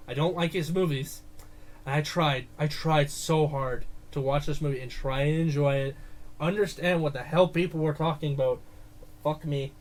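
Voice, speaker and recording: Man, movie podcast co-host, animated swearing rant, casual chat. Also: on the high side, normal speed.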